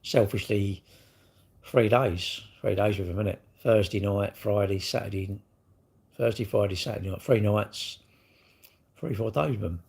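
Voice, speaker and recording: Gravelly man chatting on a livestream. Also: lowish voice, measured pace, a little mellow. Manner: chatty, rambling, blunt banter with slang. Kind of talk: casual livestream chat reading viewer comments.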